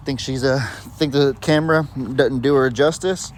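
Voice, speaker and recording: Farm-vlog host, a man of average pitch, rambling and chatty on a handheld phone outdoors, with faint noise behind him. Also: steady tone, normal speed, hardly any pauses. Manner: chatty, rambling, talks to animals in a sing-song pet voice. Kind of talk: casual live-stream chat. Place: outdoors on a farm among animals. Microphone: handheld phone camera.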